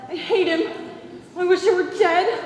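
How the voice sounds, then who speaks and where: A woman's voice: very high voice, a little fast. A teenage girl acting as a frightened young bride who pleads with her father not to make her marry. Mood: pleading. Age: teens. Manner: pleading, earnest. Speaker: student actor. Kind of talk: stage acting. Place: school auditorium stage. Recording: echoey hall from far off.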